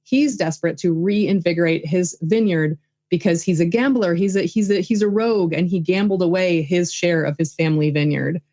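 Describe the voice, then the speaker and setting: A woman's voice: lowish voice, normal speed, warm tone, dull audio. A woman guest and filmmaker in a casual interview, talking enthusiastically with many fillers. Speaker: guest, filmmaker and writing coach.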